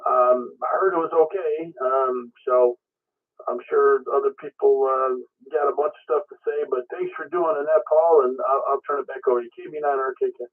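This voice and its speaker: A man checking in on a ham radio net, talking casually with many halting restarts. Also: mid-range voice, steady tone. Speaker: caller checking in. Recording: tinny radio transmission.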